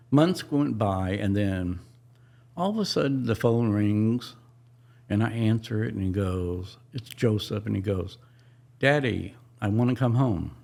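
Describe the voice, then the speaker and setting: A middle-aged man with a low, gravelly voice tells a personal story on a podcast. He speaks very slowly, in a halting and emotional way, and often stops to restart his sentences. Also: lively intonation, a little mellow.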